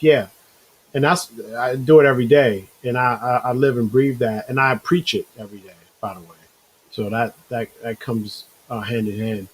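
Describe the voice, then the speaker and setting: Male live-stream host, mid-pitched, husky voice, casual rambling chat with viewers. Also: steady tone, moderate pace, poor audio. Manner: loose and rambling, calls viewers bro, reads chat comments aloud.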